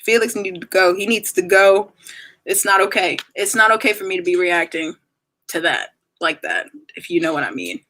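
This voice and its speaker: Young woman livestreamer, chatty and bright-toned, reading comments to viewers. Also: fairly low pitch, expressive, normal speed. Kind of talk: casual livestream chat.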